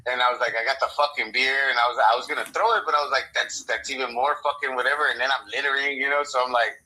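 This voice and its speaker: On a podcast, a young American co-host rambles and swears through a story in casual chat, playing both sides of a conversation himself. He speaks quickly in a mid-range voice with fairly even intonation and a sharp tone, and the recording is rough.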